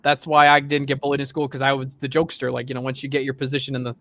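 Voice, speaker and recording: A man's voice: mid-range voice, completely flat delivery, very fast, fairly bright tone, no room sound. A young man telling jokey stories in a casual podcast chat. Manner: jokey, chatty storyteller.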